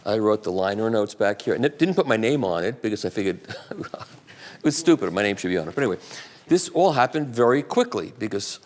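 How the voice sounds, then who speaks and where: Fielding audience questions at a live audiophile event, the guest speaker wanders chattily from point to point, restarting and adding asides. His voice is on the low side, with lively intonation and a brisk pace.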